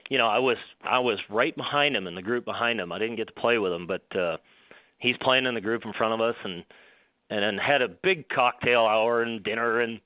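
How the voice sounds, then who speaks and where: A male golf professional, a guest, telling stories in a rambling, animated way with many restarts. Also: medium pitch, no room sound. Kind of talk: storytelling on a radio show. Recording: dry phone line.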